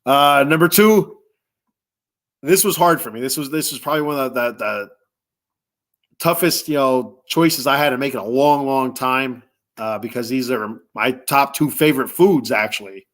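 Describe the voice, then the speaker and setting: Male podcast host, casual rambling solo talk, mid-pitched, relishes his topic. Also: normal speed, fairly bright tone. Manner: rambling, restarts, chuckles, lists with relish.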